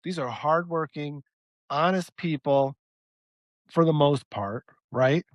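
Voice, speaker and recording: A man's voice: on the high side, takes it slowly, no room sound, highs cut off. A man co-hosting a podcast, talking through a policy plan step by step in a casual debate. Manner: thinks aloud, lays out a plan step by step. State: losing his voice. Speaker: podcast co-host.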